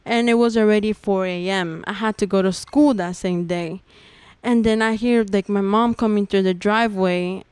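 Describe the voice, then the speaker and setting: Young adult woman, podcast guest, earnest testimony in loose chatty phrasing with frequent "like"; very clean, smooth voice, dry close sound. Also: medium pitch, steady tone, moderate pace, darkish tone, no echo. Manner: earnest storytelling, many "like" fillers. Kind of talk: personal testimony in casual conversation.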